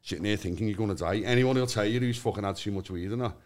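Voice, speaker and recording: A man's voice: fairly low pitch, rapid-fire, a little mellow. A man, a guest on a casual podcast chat, telling stories full of swearing and often laughing through his own words.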